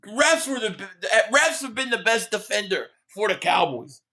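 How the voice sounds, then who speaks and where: A man's voice: sits high, sing-song, moderate pace, bright, forceful tone. A man hosting a live sports reaction stream, trash-talking and sarcastic as he chats with viewers.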